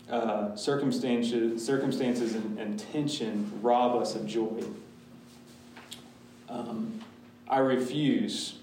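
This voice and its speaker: Man, pastor, candid classroom Q&A, mid pitch, distant mic in a very reverberant room. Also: a little mellow, a little hiss or hum. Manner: candid, talks in restarts and asides. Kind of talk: casual Q&A with a church class.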